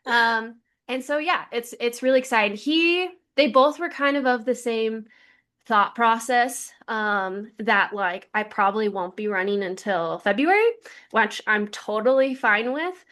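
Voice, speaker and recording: A woman co-hosting a podcast, telling stories in a lively casual chat full of "like" fillers. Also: on the high side, unhurried. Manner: lively storyteller, many "like" fillers. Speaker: podcast co-host.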